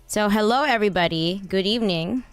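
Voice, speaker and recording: A woman's voice: medium pitch, dry recording. Chatty woman streamer, slightly nasal. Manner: chatty, laughs often, trails off with fillers. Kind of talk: casual livestream chat.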